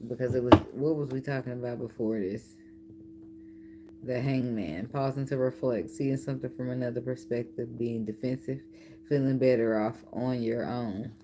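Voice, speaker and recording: Deep-voiced woman reading tarot, cussing and cracking herself up, middle-aged, loose and playful. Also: steady tone, normal speed, background noise. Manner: profane, laughing, playful banter. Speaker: tarot reader.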